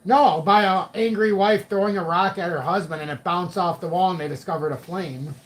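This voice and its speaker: A man's voice: high-pitched, a little fast. A middle-aged man hosting a live chat stream, joking, laughing often and swearing casually. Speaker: livestream host.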